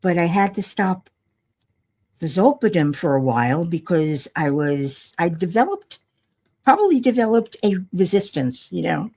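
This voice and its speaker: A worn-out older woman chats away on a home livestream, half to herself, wry and rambling. Her voice is husky and gravelly, and her pitch swings up and down a lot. She talks slowly, as if yawning through it. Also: sing-song, warm tone. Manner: rambling, self-talking, wry and chatty. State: tired, yawning. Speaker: livestream host. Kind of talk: casual chat while crafting.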